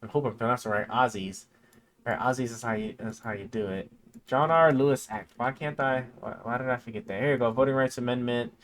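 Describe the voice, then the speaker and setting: A man's voice: medium pitch, a bit bright, slight background noise. A man hosting a casual live stream chat, thinking aloud with lots of fillers and sometimes reading text aloud. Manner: reads text aloud haltingly. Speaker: livestream host.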